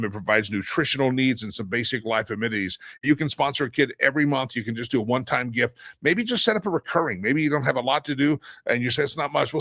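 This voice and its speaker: A man's voice: mid-range voice, fairly bright tone, no echo. A middle-aged man hosting a daily live stream in a casual monologue, rambling, repeating himself and restarting sentences, with the odd chuckle. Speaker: show host.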